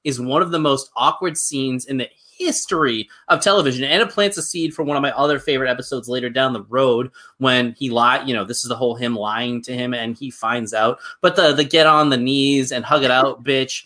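A man's voice: medium pitch, sharp tone. A man co-hosting a podcast, chatting enthusiastically about favorite TV episodes. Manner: enthusiastic, quick asides. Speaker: podcast co-host. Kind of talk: casual chat about a TV show.

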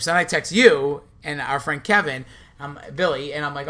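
A man's voice: on the high side, a little fast, bright, forceful tone. A young man co-hosting a podcast, telling a rambling story with lots of restarts in casual chat. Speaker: podcast co-host. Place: hotel in a city.

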